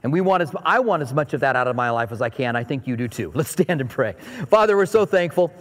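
A man's voice: medium pitch, animated, fast, fairly bright tone. A middle-aged male pastor preaching in a conversational, story-telling way and asking his audience questions. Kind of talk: sermon. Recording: echoey hall with long reverb.

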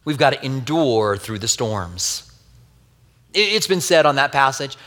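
Earnest pastor preaching in a reverberant hall. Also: male voice, medium pitch, big pitch swings, unhurried, fairly bright tone. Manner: earnest storytelling with wry asides; grieving, tender and personal. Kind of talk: sermon.

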